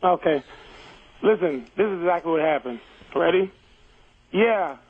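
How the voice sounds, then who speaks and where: A man with a fairly high voice calls in to a talk radio show and defends himself bluntly, retelling his story with profanity. His voice comes through a tinny, narrow phone line. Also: animated, unhurried. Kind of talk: heated on-air argument. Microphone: telephone.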